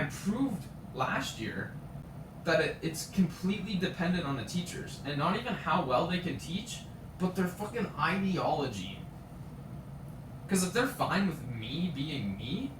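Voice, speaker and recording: A man's voice: fairly high pitch, big pitch swings, measured pace, noisy background. A young man in his late teens ranting on a live stream, indignant and profane, telling stories with acted quotes. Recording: roomy, from a distance, faint ambience.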